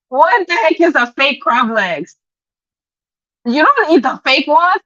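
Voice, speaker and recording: A woman's voice: high voice, very animated, slow, pauses often, a bit bright, no room sound, lo-fi sound. A woman hosting a live stream, chatting casually, greeting viewers by name and laughing often. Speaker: livestream gossip host.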